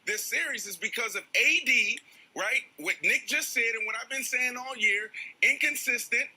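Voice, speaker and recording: Sports panel guy, super high bright voice, husky, hammering his points. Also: low-quality recording. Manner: emphatic, builds to punchy declarations. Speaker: sports analyst. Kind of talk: sports debate commentary.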